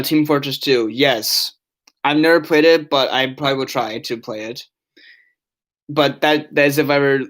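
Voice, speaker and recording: A man's voice: mid-range voice, a bit bright. A young man live-streaming from his bedroom, rambling to his chat with many restarts and fillers.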